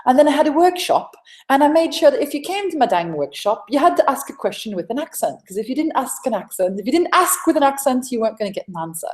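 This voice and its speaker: A woman's voice: high voice, sing-song, fast talker, darkish tone, pitched above the performer's own voice. A woman putting on a mock posh English accent as a grand, theatrical queen, exaggerated and sing-song. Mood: playful. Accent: put-on English. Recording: echoey room.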